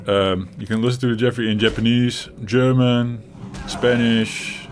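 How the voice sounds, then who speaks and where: A man's voice: mid-range voice, flat delivery, measured pace. A man with a Dutch accent chatting casually as a show co-host, rambling and chuckling often, with many restarts and some swearing. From Netherlands. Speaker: co-host of a gaming chat show. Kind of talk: casual chat. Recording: audible typing and background noise.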